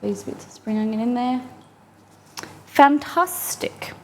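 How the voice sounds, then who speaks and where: In a fairly high voice and at a slow pace, a cooking streamer chats cheerfully with her audience from her home kitchen, reacting to chat as she cooks.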